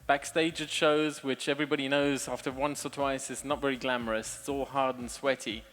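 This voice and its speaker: A man hairstylist giving a candid, relaxed speech to hairdressers from a show stage. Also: mid-range voice. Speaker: session stylist and show presenter.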